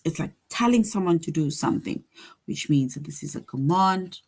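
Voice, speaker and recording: A woman teacher giving an online lesson to second graders, slowly reading example sentences aloud and explaining each one. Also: low voice, animated, darkish tone. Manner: slow, deliberate, reads example sentences aloud.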